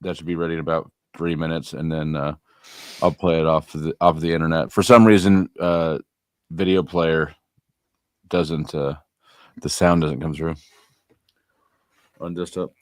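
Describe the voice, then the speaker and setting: A man hosting a casual livestream chat, rambling and halting with many fillers. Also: very deep voice, flat delivery, no echo, studio quality. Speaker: stream host.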